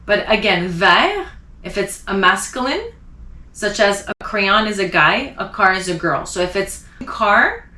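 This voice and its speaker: A woman teaching a language lesson, spelling out letters and slowly repeating example words. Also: mid-range voice, very animated, sharp tone, roomy sound. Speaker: French teacher.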